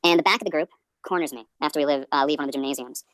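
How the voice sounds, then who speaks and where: A man's voice: on the high side, racing, fairly bright tone, smooth, dry recording. A male comedian in his twenties hosting a podcast, rambling through tangents in a self-deprecating way.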